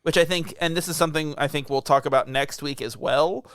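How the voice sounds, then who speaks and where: A young podcast co-host chats casually, rambling in a laid-back way with chuckles. His voice is a little high, a bit bright, clear, and resonant, slightly fast, with no echo.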